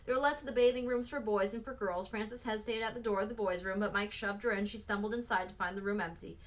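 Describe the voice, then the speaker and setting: A woman reading a children's novel aloud, with steady, expressive storybook delivery and small slips now and then. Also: mid-range voice, quick pace, poor audio.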